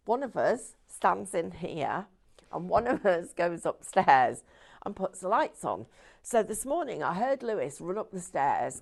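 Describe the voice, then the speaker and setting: A woman's voice: medium pitch, creaky. A woman hosting a live shopping show from a TV studio, chatting in a rambling way and laughing often.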